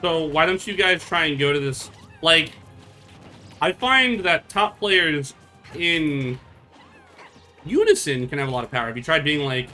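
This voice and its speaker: A young man talks to his stream chat in a loose, rambling way, swearing freely and restarting his sentences. His voice has a bright, forceful edge. Faint music plays underneath. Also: on the high side, lively intonation, a little slow, long pauses. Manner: blunt, profane, rambling with restarts. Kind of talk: casual stream chat with viewers.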